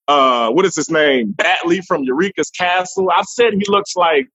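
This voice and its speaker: A man guest on a remote interview, telling animated stories with frequent laughs and restarts. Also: a little high, a little slow, slightly rough, no room sound, muffled recording. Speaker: guest comedian. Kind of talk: casual interview chat. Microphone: remote call.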